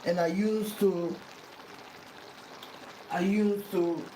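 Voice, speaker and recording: Sierra Leonean woman, unhurried chatty cooking talk, echoey kitchen, faint room hum. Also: medium pitch, fairly even intonation, mellow, distant mic. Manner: chatty, self-mocking, pleading for likes. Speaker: cooking vlogger. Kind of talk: casual cooking demonstration. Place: home kitchen.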